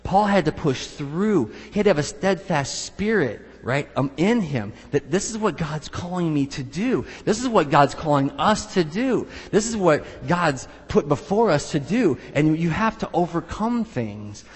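A man's voice: a little high, big pitch swings, unhurried, few pauses, husky, long reverb tail. A male pastor preaching a sermon, telling stories and acting out the voices of people he quotes with emphasis.

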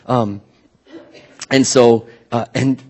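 A man preaching a sermon in a casual, animated way, often restarting his sentences. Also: mid-range voice, very slow, slightly rough. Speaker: pastor.

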